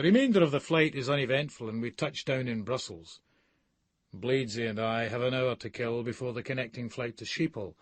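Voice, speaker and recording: A man's voice: mid-range voice, brisk, a bit bright, breathy edge, no echo. A man with a Scottish accent reading a novel aloud in the first person, with a coarse, brash, sneering delivery. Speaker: audiobook narrator.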